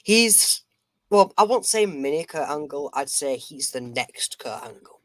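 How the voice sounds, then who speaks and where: A man's voice: on the high side, lively intonation, measured pace, fairly bright tone, no echo. A man co-hosting a wrestling podcast, giving confident, emphatic opinions in casual chat. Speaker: podcast co-host.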